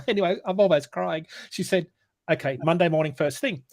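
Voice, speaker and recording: A man co-hosting a sales morning show, telling a story in casual chat, animated and full of restarts. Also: fairly high pitch, fairly quick, gravelly, dry recording. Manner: animated, retells dialogue with many restarts.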